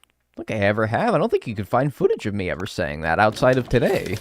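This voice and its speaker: A man's voice: fairly low pitch, huge pitch swings, fast, a little hiss or hum. An American man chatting casually on a live stream while playing a game, joking around and swearing freely.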